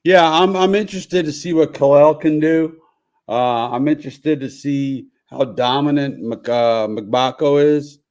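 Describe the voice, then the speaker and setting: A man's voice: a little high, a little slow, darkish tone. An older man, a sports writer and radio guest, talking casually while coming down with a cold.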